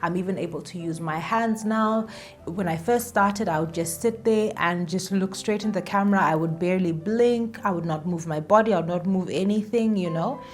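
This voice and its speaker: A woman's voice: fairly low pitch, moderate pace. A woman talking casually to camera as a vlogger, chatty and self-deprecating, repeating phrases for emphasis. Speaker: YouTuber.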